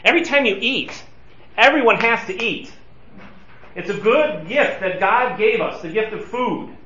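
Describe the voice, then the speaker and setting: A man teaching a Bible study as a pastor, talking through scripture verse by verse and acting out quoted pleas with animated urgency. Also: high voice, measured pace. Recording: distant, roomy, slightly dull recording.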